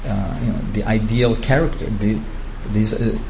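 A man's voice: fairly low pitch, steady tone, normal speed, background noise. A man giving a devotional lecture, retelling scripture in a chatty, digressive way and chuckling at his own asides. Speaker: spiritual teacher.

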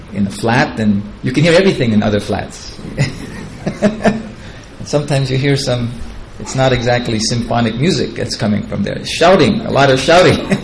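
Man, spiritual teacher, devotional storytelling, chatty and digressive, chuckles often, middle-pitched, faint background hum. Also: gravelly. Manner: chatty and digressive, chuckling at his own asides.

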